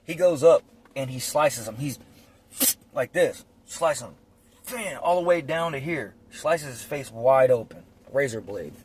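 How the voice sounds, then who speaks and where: A man's voice: mid-range voice, expressive, unhurried, breathy edge. A man telling prison stories in a blunt, profane, rambling way with lots of fillers, as a casual monologue recorded on a phone. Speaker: storyteller recounting prison life.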